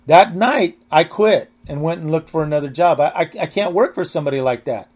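A man's voice: on the high side, a little fast. An older man teaching a Bible study in a rambling, anecdotal, earnest way.

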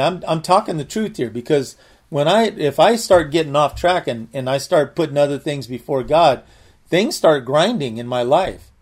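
A man's voice: fairly high pitch, a little mellow, breathy edge. A man giving conversational Bible teaching, earnest, often repeating and restarting his words.

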